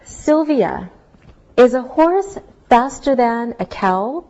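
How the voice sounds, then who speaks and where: Teacher voice: woman, fairly high, very slow and deliberate, dull lo-fi sound. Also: lively intonation, dark tone. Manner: slow, clearly spelled-out teaching delivery. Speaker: English teacher. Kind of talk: scripted English lesson.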